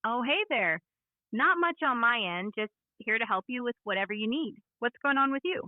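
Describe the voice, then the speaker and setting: A woman's voice: fairly high pitch, expressive, normal speed, dry recording. Tinny synthetic woman preaching earnestly. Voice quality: smooth synthetic voice. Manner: clear and earnest, with conviction. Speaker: AI voice assistant. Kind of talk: simulated sermon. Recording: tinny phone speaker playback.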